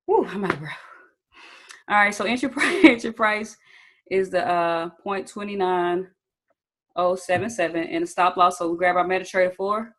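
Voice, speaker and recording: A woman's voice: on the low side, normal speed, a bit bright, poor audio. A young woman leading a live online training session, talking casually and checking in with her viewers often. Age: young adult. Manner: casual, chatty, addresses viewers as "you guys" and "y'all"; checks in often with "okay?" and asks for chat answers. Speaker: trading instructor.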